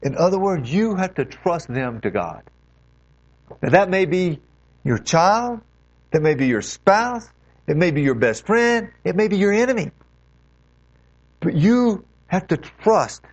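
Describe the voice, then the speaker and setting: A man's voice: high-pitched, sing-song, unhurried, pauses often. A man preaching a sermon as pastor, earnest and exhorting, leaning hard on key phrases. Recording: dull lo-fi recording.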